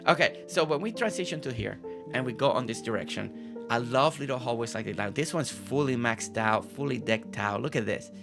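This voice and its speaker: A man's voice: medium pitch, moderate pace, gravelly, music in the background. A man giving casual gameplay commentary as a gaming channel host, admiring what he sees and repeating phrases for emphasis.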